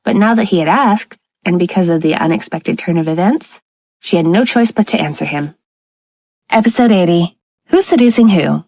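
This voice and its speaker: A woman reading a romance audiobook aloud in steady, scripted narration on a close mic. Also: fairly low pitch, moderate pace, no echo, poor audio.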